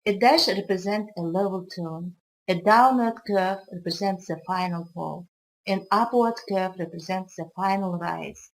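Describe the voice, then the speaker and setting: A woman with a Kazakh accent teaches a recorded English lesson at a measured, careful pace. Her first language is Kazakh, and her pitch sits in a middle range. She explains each term steadily and now and then restarts a phrase. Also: low-quality recording. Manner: slow, careful explanatory delivery with occasional restarts. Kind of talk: recorded video lesson lecture.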